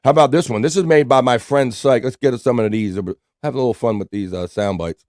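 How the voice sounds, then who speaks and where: A man hosts a relaxed live stream, reading chat messages aloud and greeting viewers one by one. His voice sits at an ordinary middle pitch, recorded close and dry with no room sound. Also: a little fast, dry recording. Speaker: live show host.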